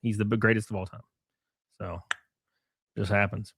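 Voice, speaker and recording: A man's voice: on the low side, flat delivery, moderate pace, a bit bright, husky, dry recording, clean studio sound. A man from Alabama with an Alabama Southern accent, hosting a casual livestream, reading chat and rambling with crude joking asides.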